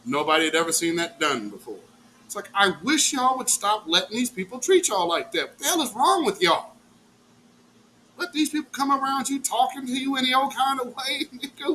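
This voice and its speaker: Middle-aged male host; bright, forceful delivery, rowdy profane storyteller. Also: very high-pitched, a little fast, slight background noise. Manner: animated, profane, acts out quotes. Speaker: live show host. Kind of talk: casual storytelling rant.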